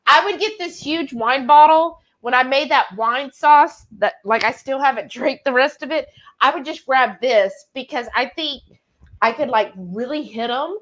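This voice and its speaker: A woman with a high, fairly bright voice hosts a casual live-stream, reading comments aloud and telling stories at a moderate pace. She's giggly and chatty, laughs frequently, and the recording is rough.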